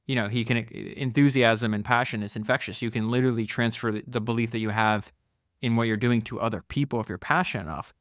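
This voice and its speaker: A man hosting a solo podcast, talking enthusiastically through book passages with frequent laughs and quick asides. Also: medium pitch, steady tone, fairly bright tone, no echo, studio quality. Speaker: podcast host.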